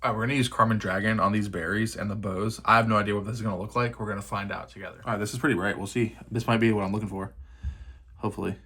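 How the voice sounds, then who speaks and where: A man's voice: lowish voice, fairly even intonation, rapid-fire, bright, forceful tone, slightly rough. A young man chatting casually while he paints a miniature at his desk, thinking aloud and poking fun at himself. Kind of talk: casual narration over a painting session.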